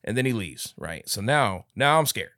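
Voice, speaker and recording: A man's voice: on the low side, moderate pace, no echo, studio quality. A man co-hosting a podcast, telling stories in casual chat, swearing often and acting out the people in them. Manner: animated, swears a lot, acts out the people in his stories. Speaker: podcast co-host.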